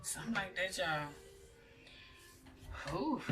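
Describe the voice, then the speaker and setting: A woman's voice: mid-range voice, very animated, slow pace, pauses often, distant mic, noisy background. Blunt, chatty woman reading tarot. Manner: chatty, blunt, addresses viewers as y'all. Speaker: tarot reader. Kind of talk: casual spiritual reading. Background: music.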